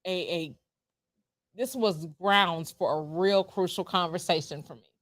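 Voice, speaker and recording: A woman, a former school principal, chatting casually as a co-host, telling stories with a lively, repeating way of talking. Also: lowish voice, a little slow, dry recording, studio quality. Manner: storytelling, animated, repeats words, laughs often. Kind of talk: casual conversational chat.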